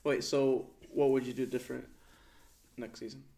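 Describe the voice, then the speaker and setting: A man's voice: medium pitch, little pitch movement, moderate pace, creaky, dark tone. A man in casual chat, asking short questions and reacting, laughing often.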